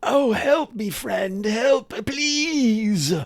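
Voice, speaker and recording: A man's voice: extremely slow, gravelly, dry recording, exaggerated voice. A man doing a frantic poisoned man begging for help. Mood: pleading. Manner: frantic, pleading, high strained cries.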